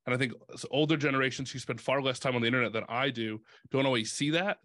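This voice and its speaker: A young man hosting an interview, speaking in a halting, thoughtful way with frequent restarts. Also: medium pitch, fairly bright tone, dry recording. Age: young adult. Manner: halting, many fillers and restarts. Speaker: host. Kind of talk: conversational interview.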